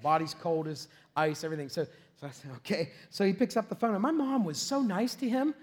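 High-voiced, animated pastor telling a story. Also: male voice, fairly quick. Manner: animated, self-deprecating, laughs often, shouts at peaks. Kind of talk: storytelling sermon.

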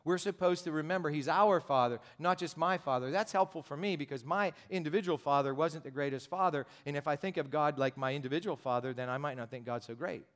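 A man's voice: fairly high pitch, fast talker, few pauses. A pastor preaching a sermon in a direct, conversational way, driving his points home with emphatic repetition. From United States.

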